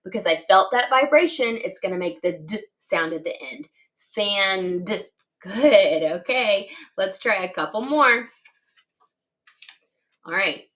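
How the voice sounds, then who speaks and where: A woman teaches phonics to young children at a slow, deliberate pace. She sounds out each letter and word carefully. Her voice sits in a middle pitch and stays patient and encouraging. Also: animated, fairly bright tone. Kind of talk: slow, clearly enunciated phonics lesson for children.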